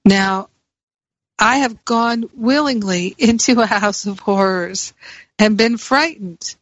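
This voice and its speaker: A woman giving a slow, earnest spiritual talk as a teacher, repeating key phrases for emphasis. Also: medium pitch, no room sound, lo-fi sound.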